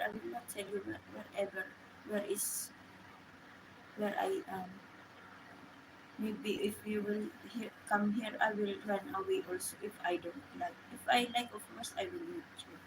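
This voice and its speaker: A woman chatting casually with viewers on a live stream, speaking halting English with many restarts. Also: mid-range voice, steady tone, background noise. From Philippines. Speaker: livestream host.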